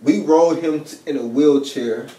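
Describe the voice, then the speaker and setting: A man's voice: on the high side, measured pace, dark tone. A young man speaking casually and earnestly as an interviewer, with many fillers like "like" and "you know what I'm saying.". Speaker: interviewer, son of a late drummer. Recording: roomy sound from a distant mic.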